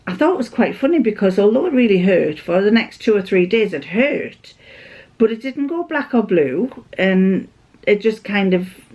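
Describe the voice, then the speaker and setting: A British craft vlogger with a medium-pitched, darkish voice and a breathy edge chats to camera. She tells a rambling story casually, laughing often as she goes.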